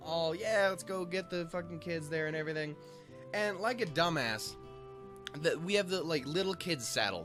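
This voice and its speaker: Young male host, slightly high voice, profane self-mocking storyteller, faint music in background. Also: a bit bright. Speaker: host reading a visual novel. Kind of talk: casual rambling storytelling.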